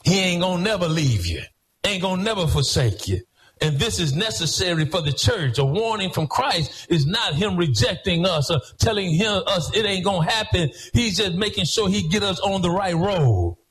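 A pastor preaching a sermon in church, rhythmic, swinging between half-sung phrases and shouted lines. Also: male voice, high voice, animated, moderate pace, poor audio.

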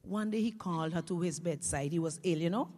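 A woman telling comic stories in lively creole, dropping to a hush and rising to loud punchlines. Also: on the low side, a little fast. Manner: lively creole storytelling, swings from hushed to loud. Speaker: storyteller. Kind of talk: comic storytelling. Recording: echoey hall reverb.

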